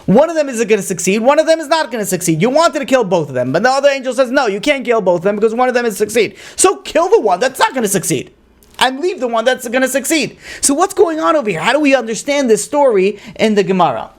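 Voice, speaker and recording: A man, a rabbi, teaching a lively Torah class, asking rhetorical questions and acting out story dialogue with Hebrew terms mixed in. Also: very high voice, quick pace. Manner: sprinkles Hebrew and Aramaic learning terms. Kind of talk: lively lecture.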